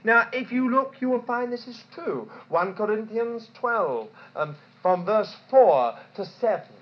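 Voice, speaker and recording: A woman preaching a sermon in an animated way, asking rhetorical questions and repeating points for emphasis. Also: a little high, unhurried. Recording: dull lo-fi recording.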